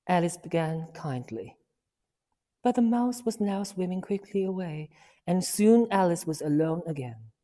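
Woman reading a kids storybook, slow and measured, long reverb like a big hall. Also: on the low side, lively intonation. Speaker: reader. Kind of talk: storybook read-aloud.

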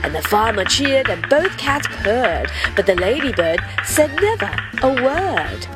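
A woman reads a rhyming children's picture book aloud. Her high voice bounces through a wide, playful melody in a sing-song rhythm. Loud music plays behind her the whole time. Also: big pitch swings, unhurried. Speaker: storyteller.

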